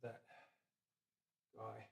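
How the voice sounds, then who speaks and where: Chatty man talking while he works. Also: very slow. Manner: chatty and upbeat, talking to viewers and a helper as he works; swings between loud bursts and quiet mumbling to himself. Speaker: guitar builder hosting a livestream. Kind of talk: casual workshop chat while working.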